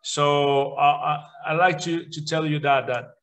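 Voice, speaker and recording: Male English teacher, Spanish first language, British-leaning accent, high voice, slow pace, halting restarts, lesson for kids. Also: steady tone, a bit bright, poor audio. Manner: halting, restarts words often, clear drilled word lists. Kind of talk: beginner English lesson for children.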